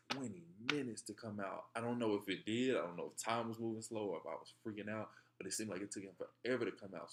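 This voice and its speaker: A young man with a very deep, low voice tells a personal story in a laid-back, rambling way. He chuckles at himself and slips into quoting his own thoughts. A faint hiss sits under his voice. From Texarkana area, southern US. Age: young adult.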